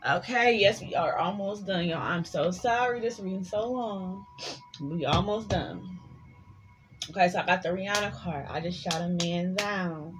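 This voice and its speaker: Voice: medium pitch, normal speed, background noise. A tarot reader giving a casual collective reading, chatty and sassy, swearing freely and rambling between the cards.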